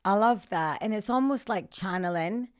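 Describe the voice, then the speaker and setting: A woman, a singer and fitness coach talking enthusiastically as a podcast guest, quick to laugh. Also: medium pitch, clean tone. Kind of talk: casual podcast conversation.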